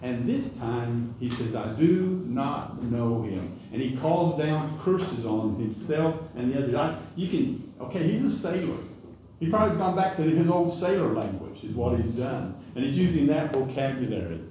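A man's voice: mid-range voice, expressive, moderate pace, dark tone, slight background noise. A man preaching a sermon in a folksy, conversational way, with asides and self-corrections. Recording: echoey hall, distant mic.

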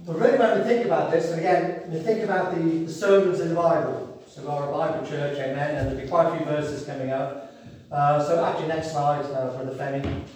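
An earnest man preaching a rousing sermon, his voice a little high. He sits back from the mic in a church hall with heavy echo and a faint hiss behind him. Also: fairly even intonation, brisk, a little mellow. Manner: earnest, rousing, reads scripture aloud. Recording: echoey church hall from far off.

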